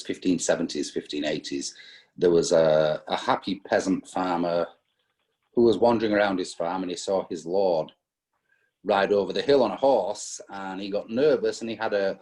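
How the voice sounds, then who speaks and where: A man with a very low voice, talking through an interview as a spirits importer. He speaks casually, pausing on fillers and restarting his sentences as he works through long stories. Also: a little mellow. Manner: hesitant, many fillers and restarts, storytelling.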